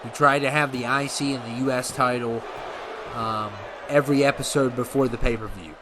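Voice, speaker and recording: A man's voice: mid-range voice, steady tone, normal speed, crowd noise, noisy background. A man giving casual, rambling commentary on a video game wrestling series, often correcting himself as he goes. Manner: rambling, self-correcting, laid-back.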